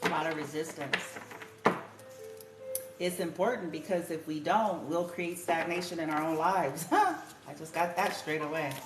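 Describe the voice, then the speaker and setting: A woman's voice: low-pitched, a little slow. A woman giving a casual, chatty spiritual tarot reading, laughing often and swearing casually. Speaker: tarot card reader. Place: room at home with music playing. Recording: echoey room with music playing.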